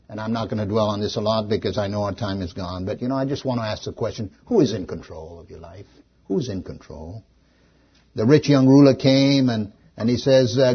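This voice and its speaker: A man preaching a sermon as pastor, animated, swinging between loud emphasis and hushed questions. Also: mid-range voice, slightly rough, muffled recording.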